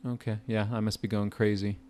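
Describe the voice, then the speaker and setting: An American man teaching a casual vocabulary lesson as a test prep tutor, chatty and relaxed with jokey asides. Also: lowish voice, brisk.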